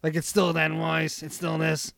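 A man's voice: on the high side, completely flat delivery, normal speed, gravelly, a bit bright, dry recording, studio quality. A man co-hosting a casual chat, often answering with short agreements and swearing casually as he jokes. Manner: terse agreeing, profane, joking.

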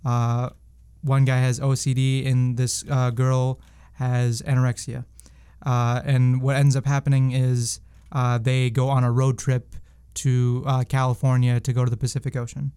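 Young male co-host, clear smooth voice, loose rambling delivery full of fillers. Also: mid-range voice, completely flat delivery, unhurried, warm tone. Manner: rambling, many fillers and restarts. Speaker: podcast co-host. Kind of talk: casual movie-review chat.

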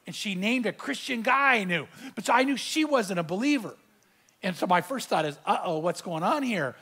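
A man's voice: sits high, animated, normal speed, bright, forceful tone, slightly rough. A middle-aged male pastor preaching a sermon, telling a personal story and acting out the quoted dialogue with animation.

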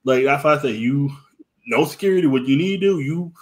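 A man's voice: a little high, a little fast. A man, hosting a podcast in casual chat, telling profane, repetitive stories. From US East Coast. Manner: profane, repetitive storytelling with acted-out quotes. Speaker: podcast host.

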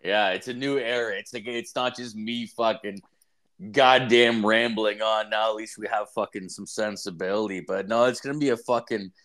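A man's voice: on the low side, fairly even intonation, moderate pace, fairly bright tone. Rambling foul-mouthed young man. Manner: rambling, swears constantly, acts out quotes in raised voice. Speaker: podcast co-host. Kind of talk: casual profane chat.

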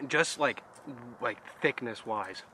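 A man's voice: medium pitch, slow pace, sharp tone, slight background noise. A young man co-hosting a casual podcast chat, crude and joking with plenty of swearing. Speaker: podcast co-host.

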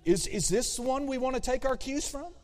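A man preaching a sermon as a pastor, animated, swinging between loud emphasis and hushed asides. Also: very high-pitched, moderate pace. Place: church sanctuary. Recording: long hall reverb.

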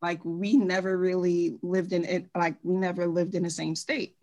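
A woman from Trinidad, chatting quickly and animatedly about her experiences. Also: lowish voice. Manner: fast, animated storytelling with laughs. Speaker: co-host. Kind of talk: casual chat.

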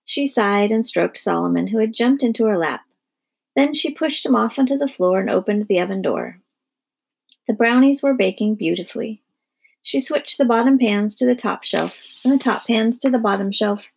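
A woman narrating a children's storybook in a lively storytelling manner. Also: on the high side, moderate pace, vocal fry, husky.

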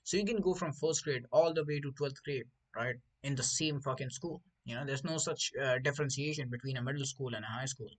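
A man's voice: mid-range voice, fairly quick, few pauses, poor audio. A young man from India, host of a casual podcast, telling crude school stories with lots of swearing and acted-out voices. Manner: profane, animated, acts out voices of others. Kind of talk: casual crude storytelling chat.

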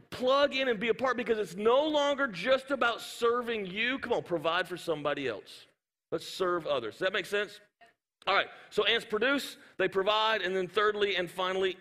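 High, bright-voiced pastor preaching with humor. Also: male voice, big-room sound. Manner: humorous storytelling, animated asides. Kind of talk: sermon. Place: church auditorium.

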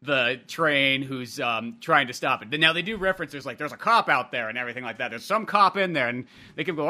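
A man's voice: medium pitch, animated, a little fast, few pauses, sharp tone. A man co-hosting a podcast, rambling casually about a movie with lots of fillers and laughter. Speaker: podcast co-host. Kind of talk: casual film discussion.

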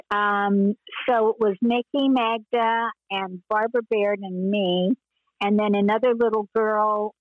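An older woman and former child actress, telling stories in an interview with meandering pauses and frequent laughs. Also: mid-range voice, no echo, phone-quality sound. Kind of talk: reminiscing interview.

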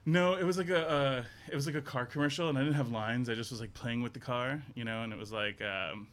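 A man interviewed as a guest actor, telling lively, animated stories about his childhood. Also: mid-range voice, fast. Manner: animated storyteller, playful impressions. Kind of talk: casual interview chat.

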